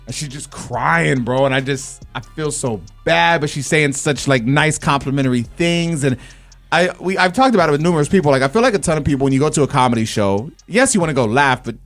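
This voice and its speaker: A man's voice: a little high, expressive, brisk, a bit bright, soft background music. A young adult man hosting a radio show, telling an emotional story in a casual, earnest way. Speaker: radio show host and comedian.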